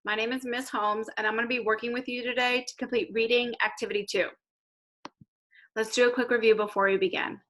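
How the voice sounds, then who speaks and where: A woman teacher giving a recorded reading lesson to young children, slowly sounding out letters and words. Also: a little high, steady tone, a bit bright, rough recording. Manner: slow, clear modelling of letter sounds.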